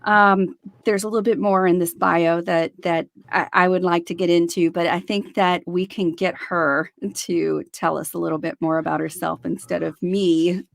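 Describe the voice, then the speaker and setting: A woman's voice: fairly low pitch, little pitch movement, normal speed, gravelly, few pauses, dry recording. A woman co-hosting a podcast, talking casually with many fillers and repeated words, and reading out a guest's bio. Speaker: podcast co-host.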